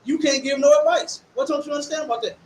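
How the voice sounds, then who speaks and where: A man's voice: very high voice, fairly even intonation, quick pace, slight background noise, low-quality recording. A man on a debate panel, combative and repeating his demands. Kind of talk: heated live debate.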